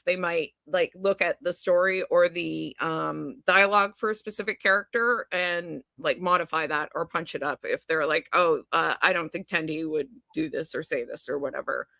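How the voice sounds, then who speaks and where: A woman's voice: fairly low pitch, vocal fry, sharp tone, no room sound. A woman co-hosting a casual podcast chat, talking enthusiastically with lots of fillers and frequent laughter. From Canada. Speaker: podcast co-host.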